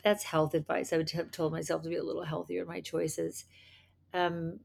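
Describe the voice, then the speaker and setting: Gravelly low-voiced woman guest. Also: flat delivery, a little mellow. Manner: halting, restarts her sentences. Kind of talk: casual interview chat.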